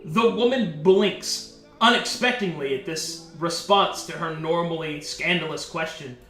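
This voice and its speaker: Male game master narrating for stream chat; unhurried, fairly high voice in a roomy space. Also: pushed and bright, faint music behind. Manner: unhurried storytelling with fillers. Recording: echoey room.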